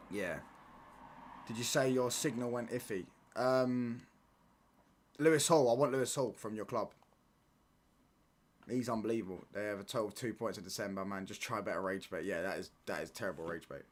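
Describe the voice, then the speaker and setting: A man's voice: fairly low pitch, brisk. A young man chatting casually on a football watchalong stream, reading chat and bantering in slang with stop-start restarts.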